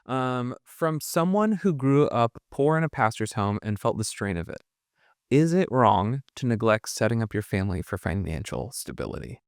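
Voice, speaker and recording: A male pastor in a relaxed, loose conversation, leading the questions. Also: medium pitch, normal speed, clear, resonant tone, no echo, studio quality. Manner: relaxed, rambling with fillers. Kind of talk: casual conversation.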